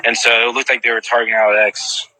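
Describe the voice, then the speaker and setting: Bright-voiced man rambling with fillers. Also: medium pitch, level tone, fast, rough recording. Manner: rambling, heavy use of "like" fillers and restarts. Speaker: eyewitness answering viewer questions. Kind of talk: casual retelling to camera.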